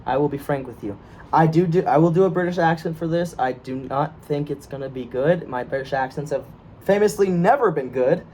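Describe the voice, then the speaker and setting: A young man from the United States chats in a relaxed, joking way, laughing often and stumbling over his own sentences. His voice sits a bit high for a man, and faint room noise sits under it. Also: a little fast. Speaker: co-host of a script reading video. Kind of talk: casual banter.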